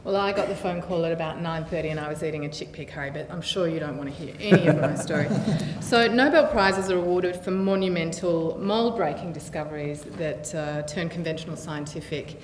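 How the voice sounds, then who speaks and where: A woman moderating a public panel, with a notably deep voice and a brisk, lightly joking manner. She speaks in a large hall with a long reverb. Clear background noise runs under her voice.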